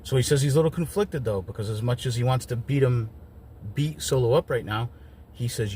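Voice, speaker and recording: A man's voice: medium pitch, brisk, mellow, a little hiss or hum. A man giving a casual solo review of wrestling shows, chatty and wry, with lots of ums and joking asides.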